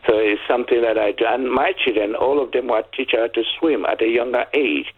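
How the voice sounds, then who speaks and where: A caller in their sixties, telling stories in an animated way on a radio phone-in. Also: medium pitch, brisk, husky. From Nigeria. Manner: animated storytelling. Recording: tinny phone line.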